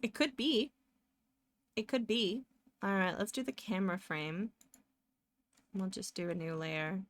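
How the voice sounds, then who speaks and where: A woman's voice: mid-range voice, a little slow, no echo. A woman live streaming as she draws, chatting casually and rambling as she narrates her work and often laughs. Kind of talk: casual chat while drawing live.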